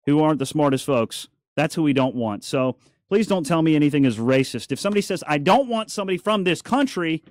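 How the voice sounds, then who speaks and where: A man's voice: mid-range voice, dry recording, clean studio sound. A man hosting a talk radio show, chatty and opinionated with joking asides. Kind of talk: casual talk radio monologue. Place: radio studio.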